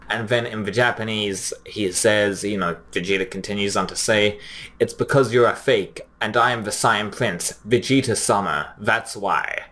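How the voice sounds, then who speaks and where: A young man giving casual, chatty commentary, often pausing with fillers and restarting his sentences. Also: lowish voice, fairly bright tone. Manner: chatty, frequent fillers, restarts, reads quotes plainly. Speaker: anime commentary host. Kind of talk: casual commentary comparing dub lines.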